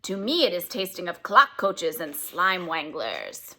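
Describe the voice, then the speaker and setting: A woman voicing a huge, kindly old male giant who booms and mangles his words cheerfully, reading a children's book aloud. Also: sing-song, a little slow, sharp tone, full character voice. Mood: gleeful, gross.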